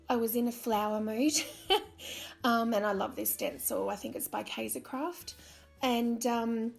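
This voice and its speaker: A woman's voice: on the high side, gravelly, darkish tone. A woman with an Australian accent, chatty and self-deprecating, who laughs often while narrating her crafting video. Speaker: crafting channel host.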